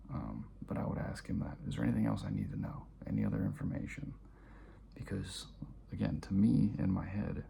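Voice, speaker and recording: A man vlogging and telling a personal story to camera, speaking softly and often dropping to a near-whisper. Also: low voice, gravelly, slight background noise.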